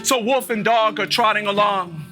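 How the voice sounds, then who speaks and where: A man telling a fable live to an audience of students in an arts center, animated, with dramatic pauses and chanted call-and-response refrains. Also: sits high, soft background music. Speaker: storyteller.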